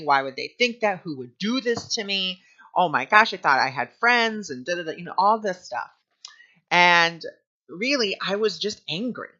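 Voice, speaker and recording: A man's voice: on the high side, pushed and bright. A man telling a personal story while teaching a spiritual lesson, chatty and full of "you know" fillers. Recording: dull lo-fi recording.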